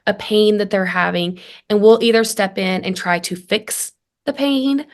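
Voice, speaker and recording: A woman's voice: mid-range voice, a little slow. Earnest woman coach telling family stories. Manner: earnest, animated storyteller who acts out dialogue. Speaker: guest, family communication coach. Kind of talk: conversational interview.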